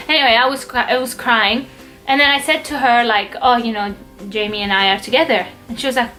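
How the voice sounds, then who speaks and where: A woman's voice: high voice, normal speed, bright, forceful tone, faint music behind, poor audio. A woman vlogger casually telling a personal story, chatty, acting out quotes from her family. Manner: chatty, lots of fillers and acted-out quotes.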